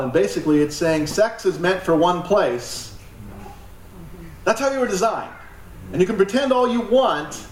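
A man's voice: a little high, slight background noise. A man preaching a sermon as pastor, emphatic, with joking asides and laughs. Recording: echoey hall from far off, light ambience.

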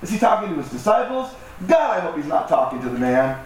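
A pastor delivers a conversational sermon, joking at his own expense and acting out voices. His voice is a little high and darkish, quick, with big pitch swings, picked up by a distant mic in an echoey hall with faint noise.

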